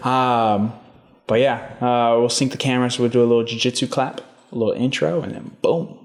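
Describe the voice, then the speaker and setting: A relaxed male podcast host, talking in an easygoing, joking way and swearing freely. His voice sits at an ordinary middle pitch for a man. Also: moderate pace. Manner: laid-back, swears casually, joking. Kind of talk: casual podcast chat.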